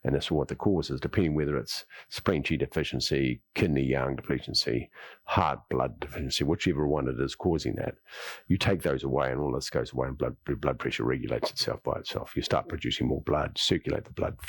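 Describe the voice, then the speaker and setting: A man's voice: a bass voice, brisk, breathy edge, no room sound. A man teaching a qigong class, guiding breathing and moves, then rambling through his own theories and often saying "yep". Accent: Australian. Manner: rambling, repeats words, says "yep" often. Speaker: qigong instructor. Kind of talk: guided exercise class with talk.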